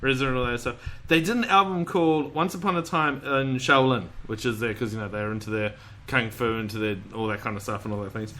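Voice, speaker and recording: A man's voice: medium pitch, steady tone, fast talker, sharp tone. A man hosting a podcast, chatting casually and rambling, with loose swearing and frequent laughter. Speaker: podcast host. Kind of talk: casual chat.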